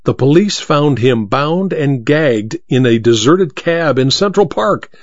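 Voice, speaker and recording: A man voicing an excitable dapper male gentleman who speaks with urgent, insistent agitation. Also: medium pitch, a little slow, no echo, dull audio, close to an everyday voice. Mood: excited.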